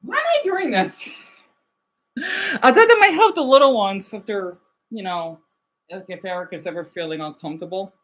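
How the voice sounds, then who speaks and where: A woman streaming a game on her phone and chatting excitedly with her viewers, often restarting her sentences. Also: mid-range voice, normal speed. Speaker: game streamer reading chat. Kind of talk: casual livestream chat. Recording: dull lo-fi phone audio.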